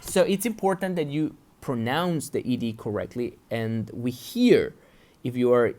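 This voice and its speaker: A man's voice: mid-range voice, animated, measured pace, a little mellow. A man teaching English pronunciation, patiently repeating example words and checking in with his listeners. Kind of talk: pronunciation lesson.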